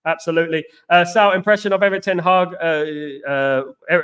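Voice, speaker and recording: A man's voice: on the high side, fairly even intonation, normal speed, fairly bright tone, smooth. A man hosting a casual live stream, reading out viewer comments and answering them in a jokey, rambling way, leaning on the same catchphrases again and again. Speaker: host.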